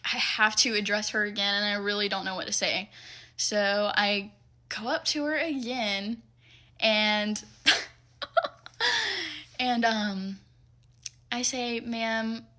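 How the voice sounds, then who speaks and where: A young woman telling a casual storytime about a rude customer, animated and exasperated, acting out the dialogue. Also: fairly high pitch.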